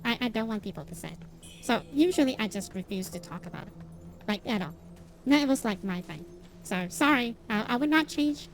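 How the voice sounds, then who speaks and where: A woman's voice: on the high side, expressive, fairly quick, soft background music. A young woman streamer chatting casually while gaming, rambling and self-deprecating with lots of restarts and fillers, and laughing often.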